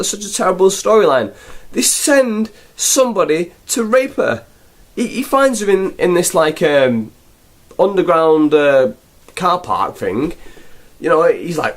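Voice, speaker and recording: A man's voice: high voice, expressive, unhurried. A young man reviewing a film in a rambling, sarcastic, casual way. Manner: rambling, sarcastic, full of fillers.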